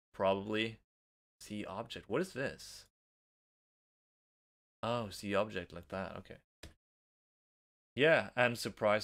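Slow-talking Norwegian man playing a game. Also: fairly low pitch, creaky, a bit bright. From Norway. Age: young adult. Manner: reads game text aloud, chatty, nervous giggles. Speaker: let's play host. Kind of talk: casual gameplay commentary.

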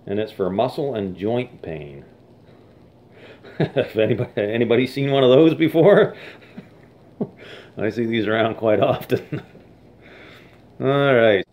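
Chuckly folksy guy rambling on about bottles, voice goes all over, bit dull lo-fi sound. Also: lowish voice. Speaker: bottle digging vlogger. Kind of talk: casual chat with jokes.

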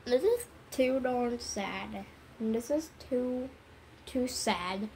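A woman hosting her channel, reading a story aloud and giving halting, emotional reactions between bursts of laughter. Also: fairly high pitch, darkish tone, slight background noise. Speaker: channel host. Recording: music playing under the voice.

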